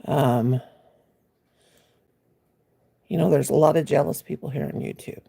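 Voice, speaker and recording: A woman's voice: sits low, fairly even intonation, fairly quick, gravelly, warm tone, slightly rough. A woman, chatting casually with viewers on a crochet livestream, greeting them by name in a homey, folksy way. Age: 60s. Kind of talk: casual live-stream chat. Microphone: phone.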